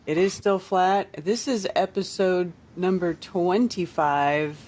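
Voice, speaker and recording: A woman co-hosting a live stream in a relaxed, wry way. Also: lowish voice, slow, a little hiss or hum. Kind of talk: casual talk-show hosting.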